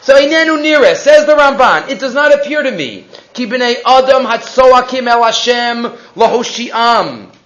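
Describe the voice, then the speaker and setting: A man with a strikingly high, fairly bright voice gives an expressive weekly Torah portion lesson at a moderate pace, barely pausing. He poses one rhetorical question after another, sprinkling Hebrew phrases into his English. The sound is lo-fi.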